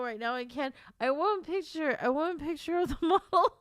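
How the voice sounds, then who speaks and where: A woman's voice: high-pitched, animated, moderate pace, few pauses, a bit bright, dry recording, studio quality. A woman streamer chatting casually with her viewers, emotional and teary, laughing and rambling as she talks. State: teary, crying on and off. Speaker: streamer and author. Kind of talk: casual live-stream chat.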